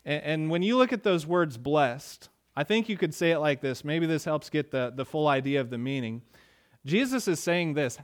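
A man's voice: a little high, normal speed. A man preaching a sermon to his congregation, talking casually and rising with emphasis when he reads out verses. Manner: conversational preaching, rising emphatic on quoted lines. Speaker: pastor.

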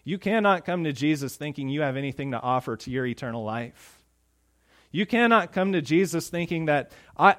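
A man with a high voice preaches a sermon in a relaxed, conversational way. When he acts out the people in his story, he speaks louder and with more force. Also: moderate pace. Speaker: pastor.

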